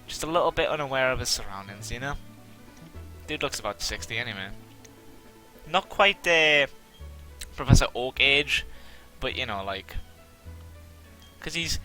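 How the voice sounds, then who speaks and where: Let's-play host, male, mid pitch, bright voice, rambling and self-deprecating commentary. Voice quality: somewhat monotone. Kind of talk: casual gameplay commentary.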